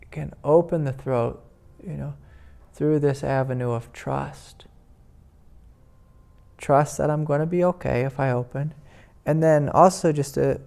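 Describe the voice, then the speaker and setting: A man, a spiritual teacher, giving a gentle, rambling talk at a meditation retreat, full of "you know" fillers. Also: medium pitch, gravelly. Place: indoor retreat meeting room.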